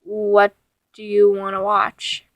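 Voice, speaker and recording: A woman voicing a tired, sick young man in a storybook reading, speaking low and subdued. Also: monotone, takes it slowly, creaky, a bit bright, no room sound.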